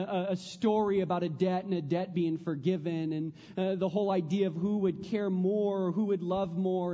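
A man preaching a sermon as pastor, earnest, repeating phrases and dropping to a hush on prayers. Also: high voice, long reverb tail, dull audio.

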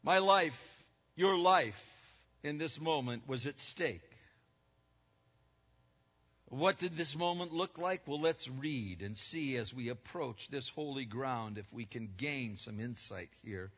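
A man in his seventies preaching a sermon, emphatic and swinging from loud declarations to hushed words. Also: medium pitch, expressive, slow pace. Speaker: pastor. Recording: dull, lo-fi recording with long hall reverb.

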